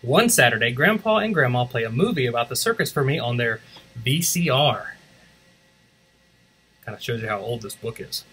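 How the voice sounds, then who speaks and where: Animated man reading a storybook aloud. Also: medium pitch, normal speed, pauses often, breathy edge, low-quality recording. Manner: expressive, animated, switches between English and Spanish. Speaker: school announcer reading a picture book.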